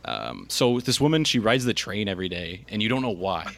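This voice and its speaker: A man's voice: on the low side, big pitch swings, brisk, vocal fry, fairly bright tone. A young man from Canada, a podcast co-host, giving a rambling, casual movie review with many fillers and restarts.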